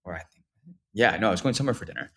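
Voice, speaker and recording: Young male co-host, lowish voice, lively storyteller in casual chat. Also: rapid-fire. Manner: animated storyteller, acts out quotes. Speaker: podcast co-host. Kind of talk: casual podcast conversation.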